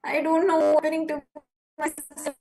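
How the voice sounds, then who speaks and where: A woman's voice: high voice, completely flat delivery, brisk, vocal fry, darkish tone. A woman presenting an urgent live-streamed appeal, impassioned, pleading and indignant.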